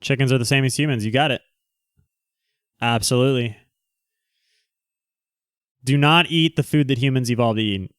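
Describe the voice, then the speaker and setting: Smooth-voiced man chatting on a livestream. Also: medium pitch, fairly bright tone, no room sound, clean studio sound. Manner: rambling, quick asides to viewers. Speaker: livestream host. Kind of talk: casual livestream chat.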